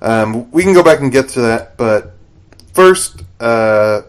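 A man in casual podcast chat, recapping a TV episode with lively retellings. He slips into the characters' lines as he tells it, at an everyday mid-range pitch. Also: slow. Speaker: podcast co-host.

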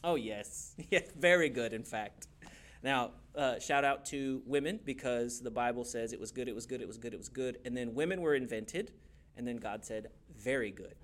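A man teaching a church youth class in a playful, animated way, often laughing and acting out quick voices. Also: mid-range voice. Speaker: youth pastor.

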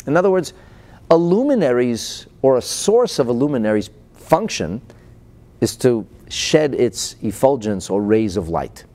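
A man's voice: mid-range voice, very animated, unhurried, a little mellow. A man teaching Torah and explaining a Chassidic discourse. He reads out Hebrew phrases, translates them into English, asks rhetorical questions and chuckles between points.

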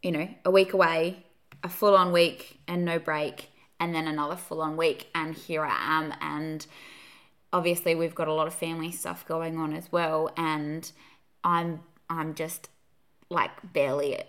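A woman in casual chat as a podcast co-host, talking fast with lots of fillers and frequent laughs. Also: deep voice, flat delivery, a bit bright.

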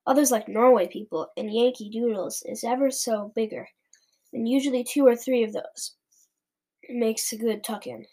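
Woman doing a big friendly giant, earnest and gentle, jumbled grammar, storybook reading, fairly high voice. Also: fairly even intonation, moderate pace. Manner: mangles words, gentle and earnest. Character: big kindly male giant, muddled grammar. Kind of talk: storybook read-aloud.

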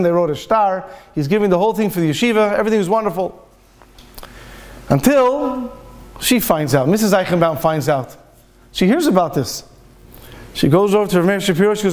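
A man with a high voice gives a Torah talk in the manner of a rabbi. He tells a story with lively turns, slipping into the speakers' lines as he goes. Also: brisk. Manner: lively storyteller acting out dialogue.

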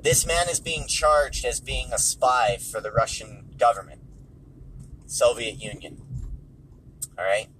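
A man talks over movies in a relaxed, conversational way from behind the wheel of a car. His voice sits at an ordinary middle pitch, and he hammers his points home by saying them again. Faint vehicle noise hums underneath. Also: takes it slowly, pauses often, low-quality recording. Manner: conversational, repeats points for emphasis. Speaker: movie reviewer. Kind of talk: casual spoken commentary while driving. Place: car on the road.

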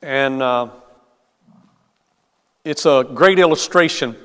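Slow, measured preacher in a reverberant hall. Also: male voice, mid-range voice, a bit bright, clean tone. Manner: slow, measured delivery with hesitant fillers. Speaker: pastor. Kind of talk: sermon with storytelling.

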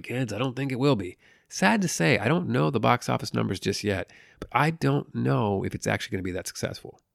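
A man with a low, gravelly voice talks through a movie review in a loose, rambling way. He swears freely and drifts into jokey asides. The sound is dry and close, with no room around it. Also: no echo. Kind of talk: casual spoken movie review.

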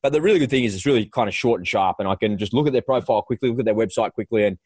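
A man hosting a podcast, chatting casually in quick bursts with frequent restarts. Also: fairly low pitch, a little mellow, slightly rough, dry recording. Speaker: podcast host. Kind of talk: casual conversational chat.

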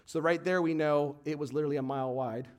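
A man preaching a sermon, animated and storytelling, swinging from quiet reading to shouted emphasis. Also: a little high, fast.

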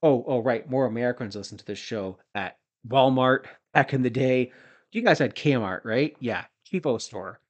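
A man from Canada in his forties, hosting a podcast and recapping old wrestling episodes in a rambling way, with jokey asides and shout-outs. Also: medium pitch, animated, moderate pace, lo-fi sound. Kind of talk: casual recap commentary.

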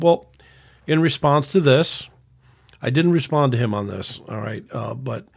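A man's voice: medium pitch, animated, normal speed, gravelly. A man in his sixties hosting a podcast, reading out messages and arguing back in a solo opinion monologue. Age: 60s. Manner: reads out messages and argues back, frequent restarts. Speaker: podcast host.

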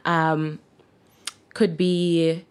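This Jamaican T-shirt brand owner in her thirties talks very slowly in a low, clean-toned voice with little pitch movement. As an interview guest, she keeps things casual, laughing often and using many fillers.

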